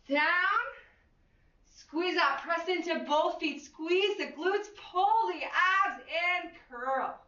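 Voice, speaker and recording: A woman's voice: high-pitched, bright, forceful tone. A woman fitness instructor cueing an exercise class with an upbeat manner, counting reps and letting out whoops. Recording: echoey room, far from the mic, dull lo-fi.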